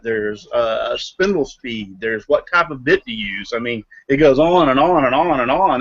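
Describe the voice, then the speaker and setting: A man's voice: medium pitch, fairly bright tone, lo-fi sound. A man, co-hosting a live online hangout, explaining things with comparisons between hesitant fillers. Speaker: co-host.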